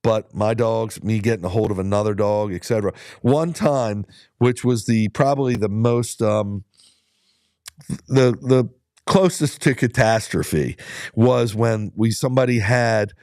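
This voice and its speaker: A middle-aged man with a fairly low voice tells his dog-mushing stories in a loose, rambling way, stopping often to restart a thought. The sound is dry and close, with hardly any room around it. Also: unhurried, darkish tone, no echo. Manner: rambling storyteller, many fillers and restarts. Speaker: dog musher and vlogger. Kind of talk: casual talk to viewers while out on a ride.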